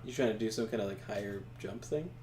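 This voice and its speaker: A man's voice: on the low side, fast talker. Joking, rambling man with laughter. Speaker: co-host watching and commenting. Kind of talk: casual gameplay chat. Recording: roomy sound with faint hum.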